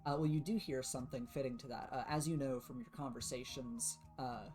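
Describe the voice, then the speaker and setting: A man's voice: medium pitch, steady tone, a little fast, a little mellow, faint music behind. Casual game master man. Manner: casual, many fillers and restarts. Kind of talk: narrating a tabletop game.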